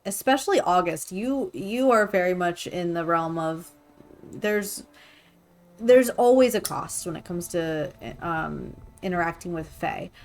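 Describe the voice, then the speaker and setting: Brief: woman game master, unhurried, hesitant narration. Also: lowish voice, lively intonation, darkish tone. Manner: hesitant, many ums.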